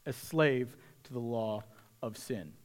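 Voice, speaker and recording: A man's voice: mid-range voice, slow pace. A man preaching a sermon as pastor, talking to the congregation in a conversational, reflective way.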